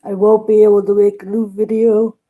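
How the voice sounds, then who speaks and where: A woman's voice: mid-range voice, level tone, fairly quick, mellow, poor audio. A tired woman chatting casually with her live-stream viewers from her workplace, yawning and thanking them one by one.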